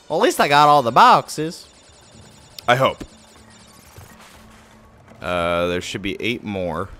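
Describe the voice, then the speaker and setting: A man giving live commentary while he plays a game. He is excitable, swears a lot and mocks his own mistakes. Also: fairly low pitch, slow pace, long pauses, soft background music. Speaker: game streamer.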